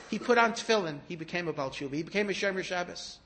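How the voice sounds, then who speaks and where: A man giving a sermon, telling stories in an animated way that rises to emphatic peaks. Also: sits high, fairly quick. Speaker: rabbi giving a talk. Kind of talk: storytelling sermon.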